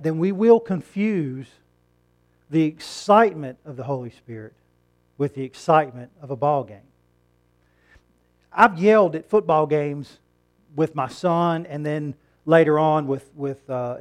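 This pastor, a middle-aged man with a fairly high voice and a darkish tone, delivers his sermon conversationally. He asks the congregation questions and lifts into emphatic moments along the way.

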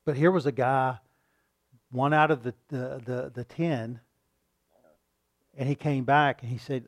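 A man preaching a sermon, asking his listeners questions and acting out loud pleas now and then. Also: mid-range voice, unhurried, pauses often. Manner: shifts between calm teaching and loud acted-out pleading; rhetorical questions to the congregation.

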